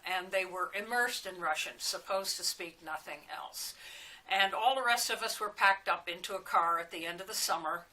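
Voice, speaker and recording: A woman's voice: lowish voice, bright, forceful tone, rough recording. An older woman being interviewed, telling chatty stories that wander from one memory to the next. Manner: chatty storyteller who wanders between anecdotes, with fillers and laughs. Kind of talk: oral history reminiscing.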